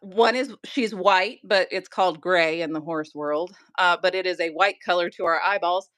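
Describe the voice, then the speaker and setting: A middle-aged woman with a mild Southern accent chats on a craft livestream. She is self-deprecating and laughs often. Her voice is bright and forceful, and the recording is dry and close. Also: fairly low pitch, normal speed, no echo. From Georgia, US. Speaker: guest crafter. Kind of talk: casual livestream chat.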